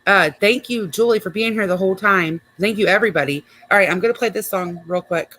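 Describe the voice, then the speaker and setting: A woman's voice: medium pitch, fast, bright, forceful tone, no echo. A woman hosting a livestream, chatting in a rambling, casual way. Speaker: host.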